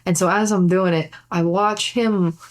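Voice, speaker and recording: A woman's voice: fairly low pitch, steady tone, a little slow. A woman comedian telling a rambling anecdote on a podcast, laughing often and swearing freely. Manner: acts out gestures while talking. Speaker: comedian guest. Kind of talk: casual podcast storytelling.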